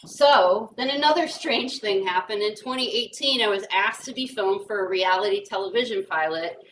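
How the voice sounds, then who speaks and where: A woman's voice: medium pitch, normal speed, a bit bright. A woman from rural Kentucky giving a humorous talk to an audience, telling stories in a self-deprecating way. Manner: joking, self-deprecating storytelling. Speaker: guest speaker. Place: brewery event room, indoors. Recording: distant mic with faint noise.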